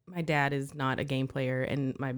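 A woman's voice: a bass voice, fairly even intonation, normal speed, smooth. A woman co-hosting a podcast, telling chatty stories and laughing often. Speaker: podcast co-host. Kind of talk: casual chat.

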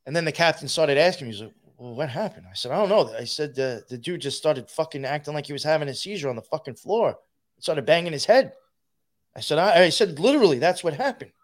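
Male guest, rough-mouthed and rambling, voice sitting a little high. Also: lively intonation, fast talker. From New York. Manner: profane, rambling, laughs while telling. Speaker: guest telling a story. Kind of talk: casual storytelling.

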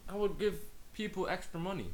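A man's voice: sits high, fairly quick. A teenage boy co-hosting a casual podcast, teasing his friend and laughing often, switching between English and German. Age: teens. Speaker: podcast co-host. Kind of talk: casual chat.

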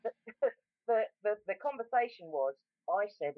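A woman with a South London accent tells a story in a casual chat, rambling with plenty of ums and restarts. Her medium-pitched voice swings widely in pitch at a normal speed, over a tinny, phone-like line that is dry with no echo.

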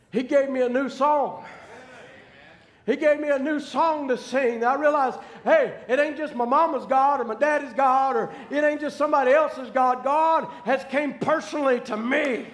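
Very high-voiced fervent male preacher. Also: steady tone, some chatter behind. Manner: fervent, building to shouted preaching; halting, repeating words while recounting. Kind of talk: sermon with personal testimony.

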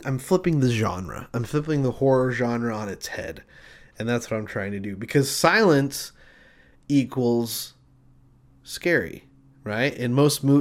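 A man co-hosting a casual comedic chat who rambles through an invented film pitch. He acts out the scenes as he goes, jumping between narration and little bits of dialogue. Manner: animated, rambling storyteller acting out scenes. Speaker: podcast co-host pitching film ideas.

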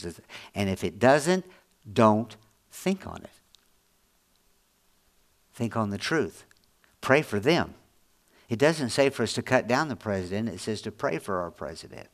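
A middle-aged man preaching a sermon as pastor, folksy and earnest, repeating his points and dropping low and quiet to press them home. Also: expressive, moderate pace, long pauses.

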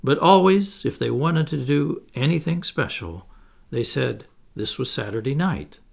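A man narrating a classic children's novel as an audiobook, in an expressive storytelling manner. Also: mid-range voice, measured pace, gravelly.

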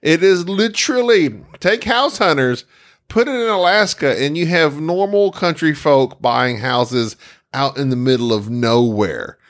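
Animated male podcast co-host. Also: fairly high pitch, unhurried. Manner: animated, mock-outraged. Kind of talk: casual banter.

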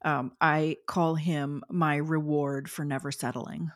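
A woman's voice: sits low, fairly even intonation, slow pace. A woman in her forties telling personal stories as an interview guest, chatty with many fillers and frequent laughter. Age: 40s. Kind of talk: casual storytelling interview.

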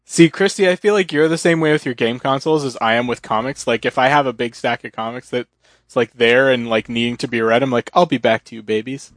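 A man's voice: medium pitch, fast, no echo, studio quality. A man co-hosting a casual pop-culture podcast, laid-back, swearing casually and laughing often. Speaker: podcast co-host. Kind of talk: casual chat.

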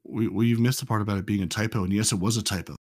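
A man's voice: fairly low pitch, steady tone, racing, a little mellow, no echo, clean studio sound. A man with a General American accent, explaining game numbers in a matter-of-fact way on a casual podcast. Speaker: podcast co-host reading game patch notes.

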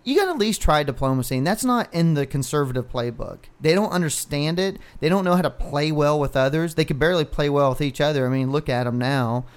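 A man's voice: a little high, lively intonation, quick pace, hardly any pauses, clean tone. A man co-hosting a podcast, ranting in casual, profane chat. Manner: ranting, heavy swearing. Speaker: podcast co-host.

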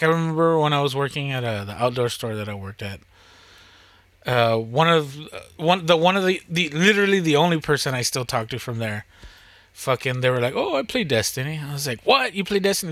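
A man's voice: mid-range voice, animated, fairly quick, a bit bright, no echo. A young man chatting casually on a podcast, rambling, swearing often and laughing a lot. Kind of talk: casual chat.

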